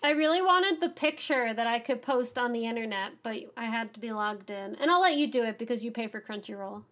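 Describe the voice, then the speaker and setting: Woman podcast co-host, high voice, excitable ranting delivery. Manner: enthusiastic, ranting, fast-moving. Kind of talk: casual podcast chat.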